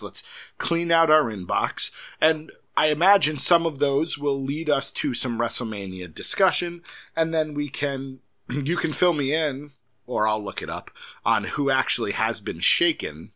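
Lively, bright-voiced man chatting casually. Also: mid-range voice. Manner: rambling, self-deprecating. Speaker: podcast co-host. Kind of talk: casual chat.

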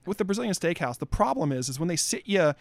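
A man chats on a podcast in a gravelly voice, telling animated stories full of swearing and acted-out quotes. He is recorded close and dry, with no room sound. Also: high voice, fast, no echo. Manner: animated storyteller, swears a lot, acts out quotes. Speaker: podcast co-host. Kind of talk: casual chat.

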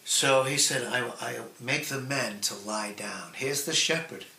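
A man preaching a sermon in a slow, earnest way, drawing out key phrases and letting line endings fall soft. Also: medium pitch. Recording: echoey room with faint ambient noise.

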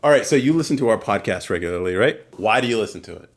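A man's voice: lowish voice, lively intonation, racing. A man co-hosting a podcast, bantering in playful, teasing casual chat. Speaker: podcast co-host and editor.

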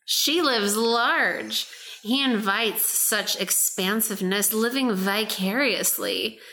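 A woman's voice: medium pitch, very animated, slow pace, bright, forceful tone, low-quality recording. A woman hosts a casual podcast, reading aloud from a book. She plays up a sultry, exaggerated reading voice. Her tone stays chatty between passages. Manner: reads in a hammed-up sultry voice, breaks into laughter. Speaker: podcast host.

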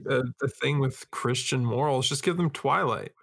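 A woman co-hosting a casual chat who laughs often and stalls on fillers. Her voice sits unusually low for a woman. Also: moderate pace, creaky, fairly bright tone, breathy edge. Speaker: podcast co-host.

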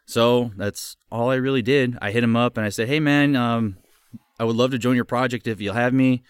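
A man in his twenties, a guest voice actor chatting casually on a podcast, upbeat and quick to laugh, often repeating words as he goes. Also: mid-range voice, clean tone, dry recording, clean studio sound.

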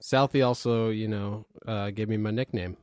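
A man's voice: fairly low pitch, steady tone, moderate pace, a little mellow, smooth, no room sound, clean studio sound. A man co-hosting a podcast, telling rambling stories in a casual chat, with swearing and fillers. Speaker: podcast co-host.

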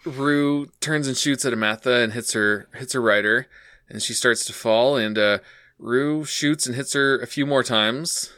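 Bright-voiced man retelling a plot. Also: medium pitch, unhurried, no room sound, studio quality. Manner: steady plot retelling with "uh" and "um" fillers. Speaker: podcast co-host. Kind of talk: casual anime recap narration.

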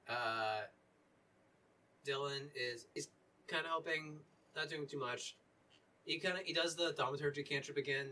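Halting man narrating a tabletop game. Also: medium pitch. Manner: relaxed, halting, many fillers. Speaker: dungeon master. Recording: voice a little distant from mic.

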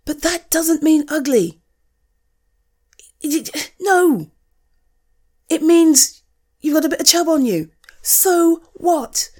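A woman's voice: high voice, animated, takes it slowly, long pauses, a little mellow. A woman playing a blunt, caring best friend. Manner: blunt, swearing, frank tough love. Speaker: friend talking to the listener. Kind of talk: one-sided audio role-play.

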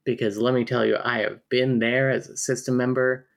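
A man's voice: medium pitch, flat delivery, normal speed, creaky. A man hosting a casual podcast chat, talking loosely with frequent fillers and reading passages aloud. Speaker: podcast host reviewing a book.

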